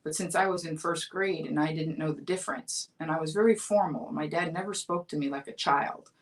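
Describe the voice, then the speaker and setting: A woman in her fifties from Florida, with a low, grounded voice, hosts her own livestream talk show. She tells a childhood story in a chatty, amused way and laughs as she talks. Her voice sounds a little distant from the microphone. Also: a little fast. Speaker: comedian host of a weekly livestream talk show. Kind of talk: casual storytelling monologue.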